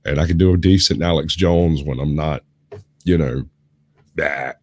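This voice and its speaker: A sick man with a hoarse, gravelly voice, rambling and explaining in a casual chat as host of a live stream. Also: extremely low pitch, normal speed. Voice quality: rough, gravelly. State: hoarse from illness.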